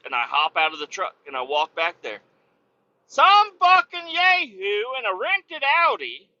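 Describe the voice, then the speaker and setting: A high-pitched man hosts a podcast on a lo-fi recording. He tells a story casually and animatedly, cursing a lot and repeating himself.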